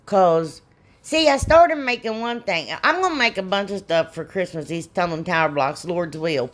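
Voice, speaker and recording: A woman's voice: mid-range voice, a little slow, a bit bright. A middle-aged woman, rambling and self-deprecating as she explains a craft in a casual tutorial. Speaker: DIY crafts channel host.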